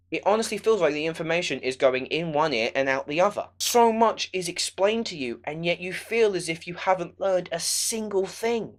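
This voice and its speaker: A young man ranting sarcastically in a film review vlog. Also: on the high side.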